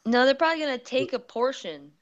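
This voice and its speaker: A woman's voice: high-pitched, very animated, quick pace, muffled recording. A young woman speaking as a guest in a casual panel chat, blunt and joking. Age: young adult.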